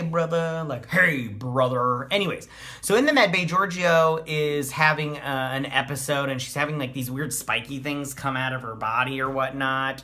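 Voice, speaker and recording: A man's voice: mid-range voice, sharp tone. A man hosting a TV episode review, recapping the plot in a blunt, dismissive way with lots of fillers and restarts. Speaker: TV episode reviewer, channel host.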